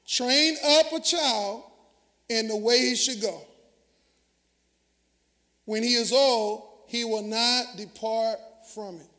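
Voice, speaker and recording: With a very high-pitched, sharp voice, a Southern US pastor takes his sermon slowly and pauses often. He trades call-and-response with the congregation in a large church sanctuary, where long hall reverb lingers.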